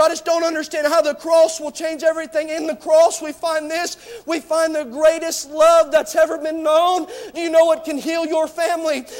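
A man preaching a fervent sermon to a church, often shouting and repeating rhetorical questions to his congregation. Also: extremely high pitch.

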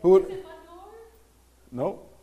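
A man giving a live talk to an audience, animated and joking, teasing the crowd as he goes. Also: drawn-out words, phone-quality sound. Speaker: speaker presenting to an audience.

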